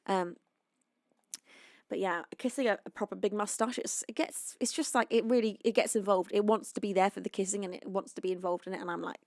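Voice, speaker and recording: A woman's voice: medium pitch, steady tone, a little fast, dry recording. A young woman from the UK chats to her live stream audience in a rambling, friendly way. She sounds a little tired and sleepy. Her voice sits in a middle range and is recorded close and dry, with no room sound. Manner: chatty, rambling, greets viewers warmly. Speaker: singer-songwriter streamer. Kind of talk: casual chat with live chat.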